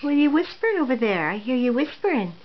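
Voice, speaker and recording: A mother in a casual home video, gently coaxing her toddler with short repeated phrases in a sing-song voice. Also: sits high, very animated, fast talker. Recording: dull lo-fi home recording, faint room noise.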